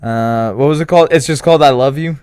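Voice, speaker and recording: A man's voice: medium pitch, quick pace, a little mellow, clean tone, no room sound. A young man co-hosting a podcast, teasing and doubting his friend in casual chat, swearing freely. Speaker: podcast co-host.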